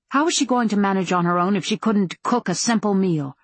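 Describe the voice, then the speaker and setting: A woman narrating an audiobook in an even, measured way. Her voice is husky and slightly breathy, recorded close with a dry, dead sound and no room echo. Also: mid-range voice. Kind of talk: scripted narration.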